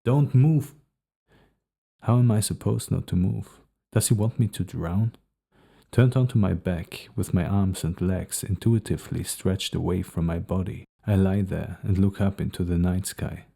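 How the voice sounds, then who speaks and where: A man narrating a novel in the first person for an audiobook, reading in a steady, measured way. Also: low voice, vocal fry.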